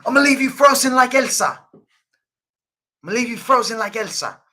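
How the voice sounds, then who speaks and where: A man's voice: extremely high pitch, lively intonation, brisk, pushed and bright, pitched above the performer's own voice, full character voice. A man doing a mock impression of a male fighter trash-talking in an exaggerated put-on accent.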